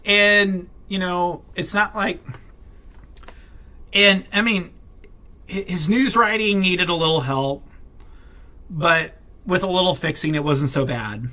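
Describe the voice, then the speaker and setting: A man talks straight to camera in a loose, rambling vlog, tripping over fillers and restarting his sentences. His voice sits fairly high and sounds bright and tense, and he comes across blunt and irritated, with the odd swear. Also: steady tone, moderate pace. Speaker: vlogger. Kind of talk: casual venting to camera.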